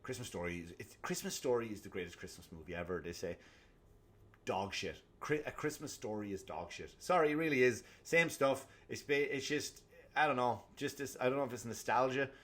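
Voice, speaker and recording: A man hosting a comedy podcast, ranting alone in a profane, animated way. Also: mid-range voice, a little fast. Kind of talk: solo comedic rant.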